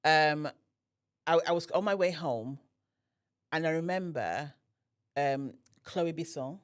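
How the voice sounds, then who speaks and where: A woman's voice: low-pitched, takes it slowly, clean tone. A woman guest on a podcast telling a personal story and acting out the dialogue. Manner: animated, acts out quoted dialogue.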